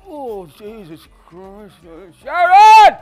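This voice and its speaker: A stammering, rambling older rock singer, put on by a male comedian. He stumbles, swears and suddenly bellows. The voice sits very high, with faint music underneath. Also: normal speed, some chatter behind, close to an everyday voice. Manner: stuttering, swearing, loud outbursts. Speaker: stand-up comedian. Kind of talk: stand-up impression.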